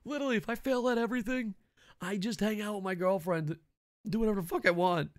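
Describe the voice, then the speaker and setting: A middle-aged man ranting loudly about wrestling, cranky and swearing constantly. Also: sits high, quick pace, no room sound, clean studio sound. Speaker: wrestling commentary vlogger. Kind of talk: profane ranting commentary.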